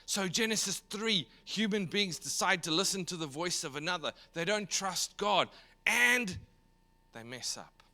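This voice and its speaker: A man teaching in a sermon style, emphatic and animated, slipping into voices for the figures he quotes. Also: high voice, measured pace. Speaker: pastor. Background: speaking from home.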